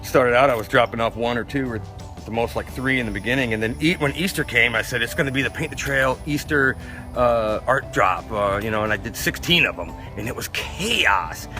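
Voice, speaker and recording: An artist from Florida, USA, tells stories in an interview, animatedly acting out other people's lines. His mid-range voice moves a little fast, with faint music behind him.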